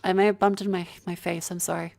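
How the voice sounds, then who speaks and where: A woman's voice: fairly low pitch, little pitch movement, fast talker, vocal fry, a little mellow. A woman streaming live, chatting casually and joking as she moves a handheld mic around to test it. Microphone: handheld mic moved around while testing.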